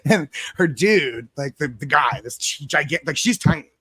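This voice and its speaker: A man's voice: fairly high pitch, animated, normal speed, bright, forceful tone, slightly rough, no echo. Man, forties, casual live chat, swears freely, laughs a lot, dry close mic. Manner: profane, rambling, laughs often. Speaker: podcast co-host.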